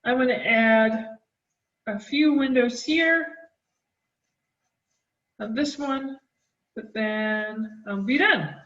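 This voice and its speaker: A gentle woman art teacher walks young children through a drawing, speaking slowly and encouragingly in a slightly high voice. She sits back from the microphone, and the dull, roomy recording carries an echo. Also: distant mic.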